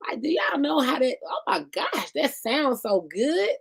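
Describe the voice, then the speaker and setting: A woman's voice: high voice, huge pitch swings, unhurried. A woman hosting her own podcast live, chatting loosely and directly to her viewers with plenty of asides. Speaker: podcast host. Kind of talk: casual live-stream chat.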